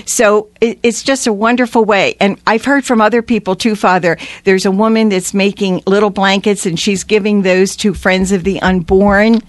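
A woman's voice: medium pitch, fairly even intonation, moderate pace, few pauses, no room sound. A woman tells a personal story on a radio program, her voice sitting in the middle of the range. She speaks earnestly and animatedly, and the studio sound is close and dry. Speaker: guest.

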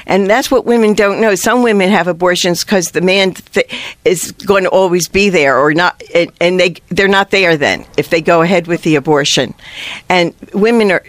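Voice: mid-range voice, normal speed, a bit bright, dry recording. A pro-life sidewalk counselor telling stories to a priest, chatty and earnest, restarting sentences often.

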